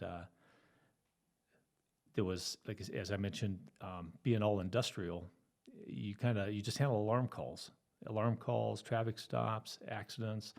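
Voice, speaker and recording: A middle-aged man recounts his police days in an easygoing, chuckling way. His voice sits fairly low, and he fills his pauses with ums and uhs. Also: creaky, a little mellow. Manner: easygoing storytelling, often laughing, with fillers. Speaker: guest, retired police officer. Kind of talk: telling his story in an interview.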